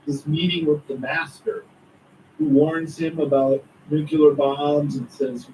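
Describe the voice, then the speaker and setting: A man talking as an author and guest, recounting a story with excited asides. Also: on the high side, slow, distant mic, a little hiss or hum, poor audio. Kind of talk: conspiracy talk interview.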